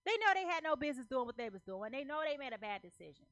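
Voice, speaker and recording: Woman tarot reader, slightly high, punchy and repetitive, casual slang, dry recording. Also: expressive, racing, a bit bright, dry recording. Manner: emphatic, repeats phrases, checks in with "okay?"; loose slangy talk. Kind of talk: casual tarot reading to camera.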